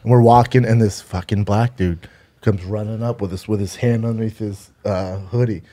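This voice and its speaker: A man's voice: fairly low pitch, steady tone, normal speed, dark tone. A man co-hosting a podcast, telling stories in casual chat, acting out the voices of the people in them and laughing. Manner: laughing, acts out voices, swears a lot. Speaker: podcast co-host.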